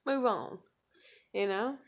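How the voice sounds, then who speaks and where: A woman's voice: mid-range voice, slow pace, highs cut off. Lady ranting and cussing, just venting, middle voice. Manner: profane, ranting. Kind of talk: casual venting monologue.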